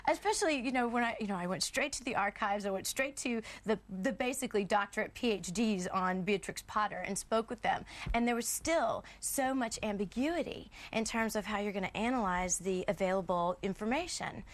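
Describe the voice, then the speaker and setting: A woman's voice: mid-range voice, brisk, few pauses. A woman actress chatting as a guest on a morning television sofa, bubbly and self-deprecating, laughing often.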